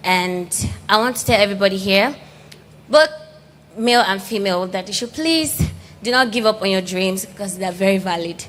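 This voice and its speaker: A woman's voice: mid-range voice, normal speed, a bit bright, a little hiss or hum. A woman giving an earnest thank-you speech as an award recipient at an event, respectfully greeting her elders.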